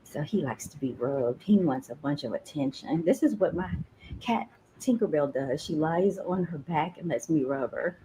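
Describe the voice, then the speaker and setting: A woman's voice: sits low, animated, normal speed, dark tone, a little hiss or hum, low-quality recording. A woman hosting a livestream in casual chat, baby-talking to a dog and chatting to viewers. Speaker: livestream host.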